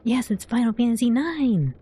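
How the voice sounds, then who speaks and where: A woman's voice: a little high, animated, moderate pace, warm tone, slightly rough. A woman livestreamer chatting casually with her viewers as she plays, giggling often and reading their messages aloud. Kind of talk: casual game commentary to chat.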